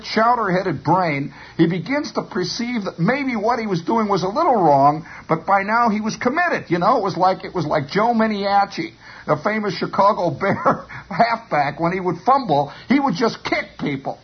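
A man telling a long rambling story on the radio, animated and stammering, on a dull lo-fi broadcast. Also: sits high, breathy edge. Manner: animated, stammering repetitions, chuckling.

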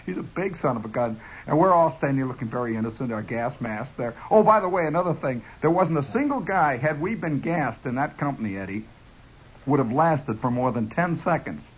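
A man telling a comic army story in an animated monologue, chuckling and jumping into voices, on a dull lo-fi recording. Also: medium pitch, moderate pace, breathy edge.

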